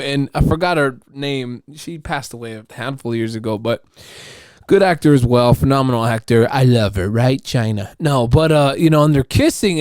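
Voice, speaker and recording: A man's voice: on the high side, a little mellow, clean tone, no room sound, studio quality. A man hosting his own podcast, talking alone in a loose, rambling, profane monologue. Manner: rambling, profane, restarts and fillers. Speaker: podcast host. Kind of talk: casual solo podcast monologue.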